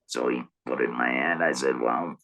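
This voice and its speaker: A middle-aged man talking through an electrolarynx, with a buzzing mechanical tone and halting speech full of repeated words. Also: rumbling low, fairly bright tone, poor audio. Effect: electrolarynx buzz. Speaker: guest telling his story. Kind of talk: casual interview storytelling.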